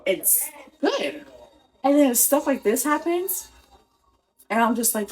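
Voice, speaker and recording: A young woman vents about her week, frustrated and talking it through out loud. She keeps restarting her sentences and leans on "like" as she goes, all in a loose, everyday storytelling way. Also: high-pitched, animated, takes it slowly, long pauses, poor audio. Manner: exasperated, talks in restarts with lots of "like". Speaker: vlogger telling a personal story. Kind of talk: casual storytelling rant.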